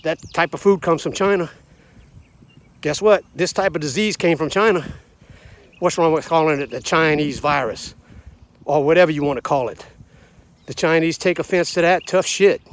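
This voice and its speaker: Talking fairly quickly in a voice on the high side, a man from the United States in his sixties or seventies rants directly at the camera as a vlogger, bluntly and combatively, with a preachy tone.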